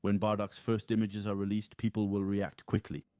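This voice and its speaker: Man, podcast co-host, casual chat, blunt and opinionated, low-ish pitch, dry close sound. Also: monotone, normal speed, warm tone, clear, resonant tone, dry recording.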